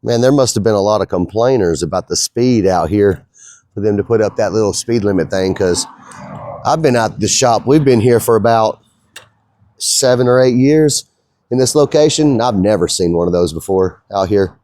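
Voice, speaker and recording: A man's voice: fairly low pitch, moderate pace, dark tone, no room sound, studio quality. Laid-back man talking in his shop. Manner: easygoing, rambling, folksy talk. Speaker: shop owner and fabricator. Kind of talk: casual shop vlog. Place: workshop.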